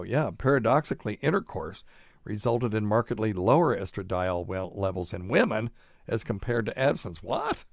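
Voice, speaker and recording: Very deep-voiced male podcast host. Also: dry recording, studio quality. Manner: thinks aloud while reading studies, chuckling asides. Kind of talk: casual chat.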